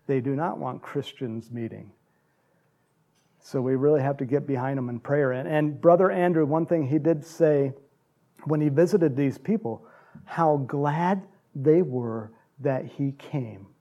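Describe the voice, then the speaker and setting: A man's voice: mid-range voice, measured pace, warm tone, lo-fi sound. A middle-aged American man preaching a casual, rambling sermon full of stories, restarts and little chuckles. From United States. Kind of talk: conversational sermon with anecdotes.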